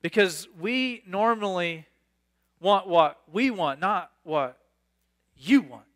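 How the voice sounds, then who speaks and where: A man preaching a sermon, reading scripture aloud and riffing on it with animated, excitable asides. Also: sits high, slow pace. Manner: animated, reads scripture then riffs with sudden bursts of excitement. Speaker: pastor.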